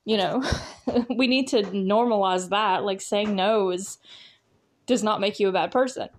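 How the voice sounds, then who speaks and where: A woman's voice: medium pitch, unhurried. A woman hosting a podcast, chatting casually on her own, laughing often and filling her talk with "like" and "you know". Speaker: podcast host. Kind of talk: casual solo chat.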